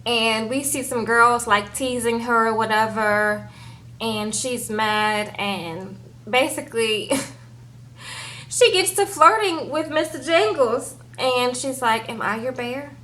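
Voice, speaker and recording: A woman giving a casual, animated recap of a TV episode, peppering it with "girl" and "okay?". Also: a little high, slow, rough recording. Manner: chatty, animated, says "girl" and "okay?" often. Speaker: TV show recap reviewer.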